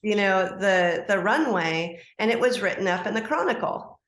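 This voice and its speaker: A middle-aged woman, a life coach, telling a personal story as a podcast guest, animated and acting out quoted dialogue. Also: medium pitch, moderate pace. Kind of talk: storytelling interview answer. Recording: roomy echo.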